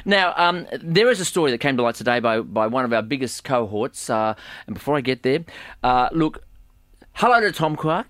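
A man's voice: medium pitch, lively intonation, normal speed, a bit bright, no echo. A man co-hosting a podcast in casual chat, teasing his partner with jokes. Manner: joking, teasing. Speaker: podcast co-host.

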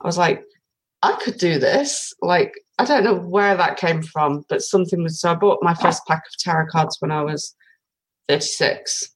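A woman's voice: fairly low pitch, moderate pace, low-quality recording. A woman in her forties from Britain, telling her story in a casual interview with many fillers. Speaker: guest, tarot reader.

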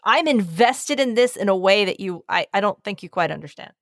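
A woman's voice: mid-range voice, lively intonation, fairly quick, no room sound, studio quality. A woman co-hosting a podcast in casual chat, effusive and rambling, with some swearing. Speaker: podcast co-host.

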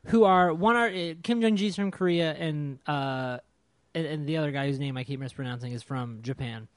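A man telling a story in casual chat, animated and exasperated, swearing freely. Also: fairly high pitch, normal speed, no room sound.

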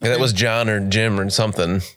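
A man's voice: on the low side, fairly even intonation, brisk, a bit bright, dry recording, studio quality. A man chatting casually as host of a tabletop game podcast, laughing a lot. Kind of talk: casual chat among players.

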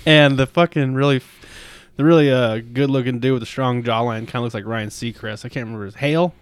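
A man in casual chat, excitable, laughing often and swearing freely as he retells comedy scenes. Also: mid-range voice, quick pace, clear, resonant tone.

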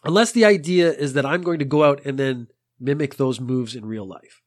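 A man's voice: medium pitch, moderate pace. A man hosting a podcast in a casual monologue, dry and exasperated, rambling at length. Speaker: podcast host.

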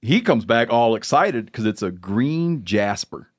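A man hosts a casual podcast and tells a long, rambling story with a joking edge. His voice sits at an ordinary middle pitch. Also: big pitch swings, measured pace. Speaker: podcast host.

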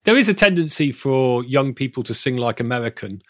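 Speaking briskly with lively intonation, this Bristol-born expert guest has a medium-pitched, slightly bright voice and a southern English accent. He gives long, rambling, self-correcting answers in an interview, frequently restarting his sentences, recorded in clean studio sound with no room sound.

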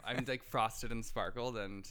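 A man's voice: medium pitch, fairly even intonation, unhurried, pushed and bright, clean tone. A man in his twenties co-hosting a podcast in casual banter, his voice strained from a sore throat, rambling and giggly. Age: 20s. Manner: rambling, giggly, self-deprecating. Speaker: podcast co-host.

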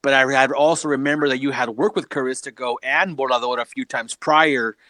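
A man tells wrestling stories in loose, casual chat, acting out what people said and laughing along the way. His voice sits at an ordinary middle pitch. The sound is dry and close. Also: fairly quick, dry recording. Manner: animated, laughing, acts out quotes. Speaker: wrestling promoter.

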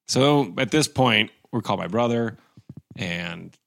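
A man telling a long story in a casual podcast chat, animated, acting out other people's lines in raised voices. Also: medium pitch, moderate pace, dry recording, clean studio sound.

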